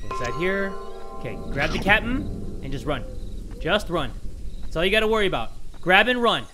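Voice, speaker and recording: A young man doing let's play commentary on a horror game, excitable, joking crudely and yelling at sudden scares. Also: sits high, normal speed, loud music behind the voice. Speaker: gaming YouTuber.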